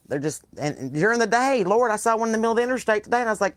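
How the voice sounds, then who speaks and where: A woman's voice: mid-range voice, fast, no room sound. A woman, hosting a casual live chat from her porch and telling stories with salty language and plenty of swearing. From Southern US. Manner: animated, salty storytelling with swearing. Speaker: podcast host. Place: outdoors on a porch.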